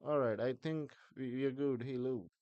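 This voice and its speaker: A man chatting on a live stream, thinking aloud and halting with restarts. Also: medium pitch, steady tone, dry recording, dull audio. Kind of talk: casual live-stream talk.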